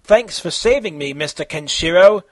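Casting: squealing teen anime girl, hyper and loud, very bouncy, put on by a man. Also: fairly high pitch, expressive, normal speed, no room sound. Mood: shouting. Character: excitable teenage anime girl.

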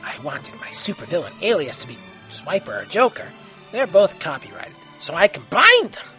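A man's voice: high-pitched, very animated, moderate pace, bright, forceful tone, faint music behind, exaggerated voice. A man voicing a sly, maniacal male fox clown villain who sneers and wheedles in an amateur audio story. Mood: sneering. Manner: sneering, wheedling, sometimes whispery.

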